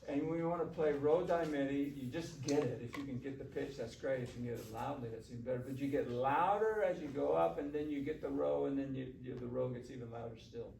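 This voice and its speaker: A man leading a shakuhachi workshop, coaching students on their breathing in a relaxed, encouraging way. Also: mid-range voice, fairly quick, gravelly, hardly any pauses. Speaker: shakuhachi teacher. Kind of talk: workshop instruction. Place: classroom. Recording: roomy, distant mic, faint room noise.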